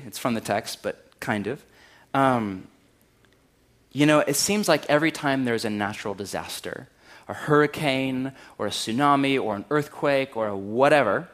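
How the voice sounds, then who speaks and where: Man, 40s, pastor, conversational sermon, wry, animated, medium pitch. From California. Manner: animated, wry, acts out quotes in a raised voice.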